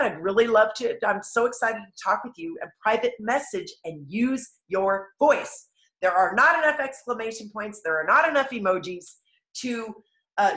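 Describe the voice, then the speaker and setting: A woman giving an energetic, enthusiastic motivational training talk to a sales team, telling stories with animated emphasis. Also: a little high, reverberant. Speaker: network marketing trainer.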